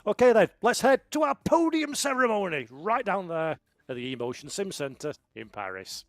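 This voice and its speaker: Male lead commentator, slightly high voice, brisk and upbeat, dry close mic. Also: very animated, no echo, faint music behind. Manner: upbeat, brisk, hands off segments. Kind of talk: esports broadcast commentary.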